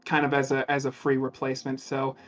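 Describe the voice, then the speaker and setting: A man's voice: mid-range voice, monotone, a bit bright, faint music behind. A man calling in as a guest, talking candidly and ramblingly, with a lot of swearing. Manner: candid, rambling, profane, halting. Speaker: caller and guest. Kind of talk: casual chat on a call. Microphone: call audio. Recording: dull lo-fi call audio.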